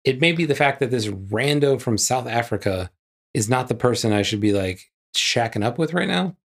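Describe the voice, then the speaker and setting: A man's voice: medium pitch, lively intonation, normal speed. Guy cohosting a podcast, loose chatty talk, says like a lot, cracks jokes. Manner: chatty, lots of "like" and "yeah", jokey asides. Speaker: podcast co-host. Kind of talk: casual chat.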